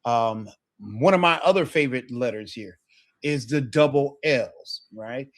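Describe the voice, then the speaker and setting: A man's voice: medium pitch, lively intonation, measured pace. A man teaching a live Spanish lesson, encouraging his student and checking in with frequent questions.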